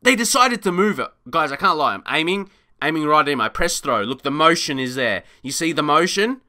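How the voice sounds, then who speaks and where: A young man commentating his own football video game, excitable and quick to rant in frustration. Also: on the high side. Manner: excitable, swings into frustrated shouting and rants. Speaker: gaming YouTuber. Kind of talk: live gameplay commentary.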